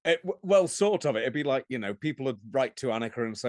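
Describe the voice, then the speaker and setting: A man's voice: medium pitch, expressive, a little fast, dry recording. A man co-hosting a casual chat, making dry, wry remarks. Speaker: podcast co-host.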